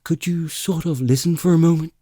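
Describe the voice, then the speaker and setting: For an audiobook reading, a man lightly acts a nervous male alien adventurer who is flustered and evasive, stammering with lots of "uh"s and hurried pleas. His pushed-up voice is fairly high, mellow and steady in tone. The studio recording has no room sound.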